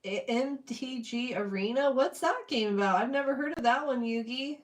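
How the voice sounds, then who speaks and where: A woman's voice: a little high, expressive, normal speed. A young woman chatting casually with her live-stream chat while she draws, greeting viewers and reading their comments. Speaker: streamer drawing requests.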